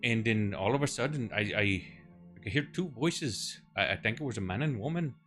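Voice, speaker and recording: A man's voice: mid-range voice, animated, a little fast, fairly bright tone, faint music behind, pitched above the performer's own voice, close to an everyday voice. A man voicing a nervous male cremation-ground keeper in a put-on Cockney accent, stammering and pleading. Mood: anxious.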